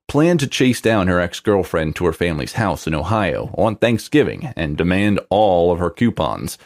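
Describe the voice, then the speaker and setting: A man reading a romance story aloud in scripted narration, with an expressive delivery. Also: low-pitched.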